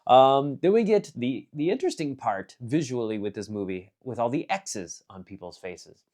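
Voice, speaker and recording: A man casually reviews an anime film, rambling with lots of fillers and restarts, swinging between excited bursts and quiet muttered asides. His voice is mid-range at a normal speed.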